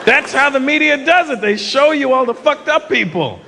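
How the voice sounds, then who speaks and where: A man's voice: very high-pitched, animated, normal speed, gravelly, heavy background noise. A male stand-up comedian performing live, brash and profane, who keeps slipping into mocking character voices. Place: large arena in front of a live audience. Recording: live arena recording with loud crowd laughter.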